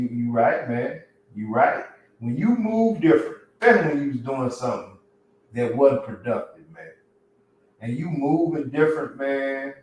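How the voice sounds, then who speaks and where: A male podcast host talking loosely and earnestly, full of slang. His voice sits at an ordinary middle pitch and rings out in a very echoey room. He is set back from the mic, with faint noise underneath. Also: darkish tone, distant mic. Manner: loose slangy talk, calls listeners man and bro; earnest and encouraging. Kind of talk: casual live-stream talk.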